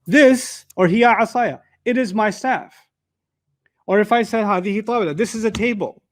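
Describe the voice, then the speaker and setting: A man teaching a Quran commentary lecture, talking conversationally with everyday examples and quick Arabic recitations. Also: high-pitched. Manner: conversational, explains with everyday examples and repeated restarts. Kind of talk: tafsir lecture.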